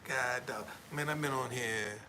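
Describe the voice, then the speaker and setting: A man's voice: medium pitch, measured pace, pushed and bright. Middle-aged guy rambling on a livestream, keeps saying man, noisy background hum. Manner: rambling, repeats himself, tags lines with "man"; earnest, preachy about honesty. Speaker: tour guide and former van driver. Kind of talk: casual livestream chat.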